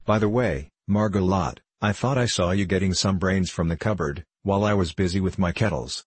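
Man reading stern old magician, lecturing, matter-of-fact, storybook, deep voice. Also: brisk, slightly rough, dry recording.

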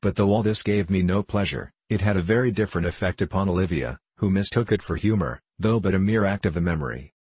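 A man reading a classic novel aloud as narrator, in a measured, even storytelling manner. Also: deep voice, breathy edge, no room sound.

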